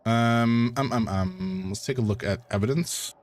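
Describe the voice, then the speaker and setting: A man's voice: mid-range voice, unhurried. A man, streaming a game and thinking aloud in rambling commentary. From Canada. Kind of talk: let's play commentary.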